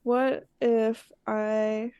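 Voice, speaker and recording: A woman's voice: on the high side, little pitch movement, drawn-out words, warm tone, clean tone, no echo, lo-fi sound. A woman playing a tabletop game, talking hesitantly and casually. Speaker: player.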